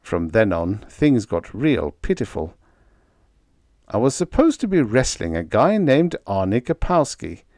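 A man narrating a humorous story in the first person, with a wry, deadpan manner. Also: lowish voice, a little slow, no room sound, studio quality. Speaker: audiobook narrator.

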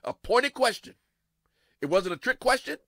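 A man pastor preaching a sermon dramatically, repeating his phrases and swinging from hushed to loud. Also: extremely high pitch, very animated, normal speed, no echo.

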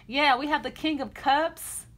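A woman's voice: high voice, a little slow, a bit bright, a little hiss or hum. A woman giving a casual tarot reading in a blunt, chatty way, often restarting her sentences. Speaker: tarot reader.

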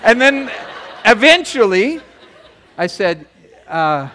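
A middle-aged man preaching a sermon, telling a personal story in a chatty, animated way with many asides. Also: high-pitched, takes it slowly, some chatter behind, slight background noise. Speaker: pastor. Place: church sanctuary.

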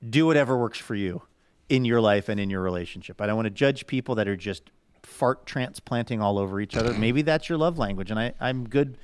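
A man's voice: on the low side, brisk, clean tone. A man hosting a podcast in casual comedic chat, rambling and self-mocking, recorded in a studio. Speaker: podcast host.

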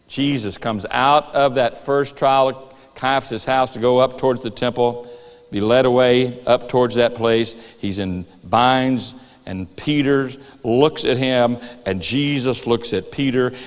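A man preaching a sermon in a church, telling the story lively and acting out voices and rooster calls. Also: mid-range voice, smooth. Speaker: pastor. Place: church sanctuary. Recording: reverberant church hall.

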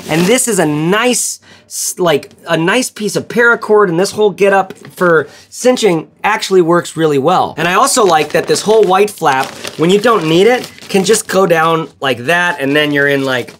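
A man with a slightly high voice talks through a bag review in a loose, rambling way. He jokes, swears now and then, and fills gaps with lots of "like" and "you know.". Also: normal speed, hardly any pauses, fairly bright tone, slight background noise. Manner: rambling, joking and profane, lots of filler words. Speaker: gear reviewer and channel host. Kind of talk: casual product review vlog.

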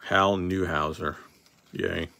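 A man's voice: deep voice, fairly even intonation, slow, gravelly, bright, forceful tone, slight background noise. A man hosting a casual card-opening session, reading off names as he goes and joking offhand with a few swear words. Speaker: card box breaker host.

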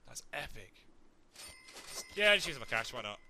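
A young man chatting through a video game playthrough in a jokey, excitable way. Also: medium pitch, moderate pace, vocal fry, a little hiss or hum. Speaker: let's play gamer. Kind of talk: casual game commentary.

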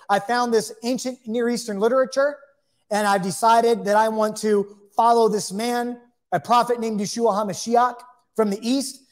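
A man teaching an informal Bible lesson to camera, conversational, with chatty asides and repeated phrases. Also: high voice.

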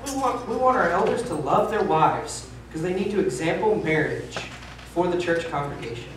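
Preaching at a normal pace, a pastor in his thirties sounds high-pitched and expressive, candidly poking fun at himself with emphasis. The mic sits far off in an echoey church sanctuary, with light room hiss beneath.

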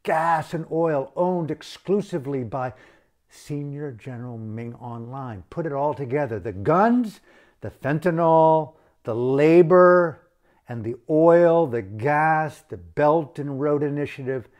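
A man with a somewhat high-pitched voice, ranting with blunt outrage. He talks in a profane, impassioned way, as if addressing leaders directly. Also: measured pace, a little mellow. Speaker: activist. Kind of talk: impassioned video rant.

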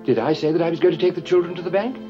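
A man's voice: fairly high pitch, very fast, muffled recording, faint music behind, natural voice. An actor playing a stiff, fussy banker father who asks flustered, puzzled questions in a film clip.

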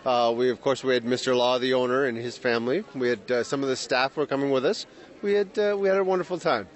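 Male chef, chatty and cheerful, a little halting, cooking demo at an outdoor event. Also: medium pitch. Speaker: executive chef.

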